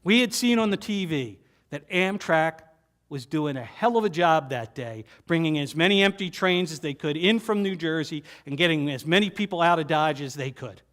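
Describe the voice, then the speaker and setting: A man presenter telling a personal story to an audience, with dramatic pauses and repeated phrases that sink to a quiet voice. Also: a little high, lively intonation. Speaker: keynote presenter.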